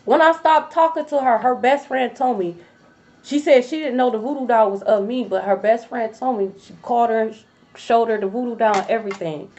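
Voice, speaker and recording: A woman who reads tarot, telling a story to her viewers in a blunt, profane, animated way, addressing them as y'all. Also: on the high side, fairly quick. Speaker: tarot reader. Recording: dull lo-fi recording.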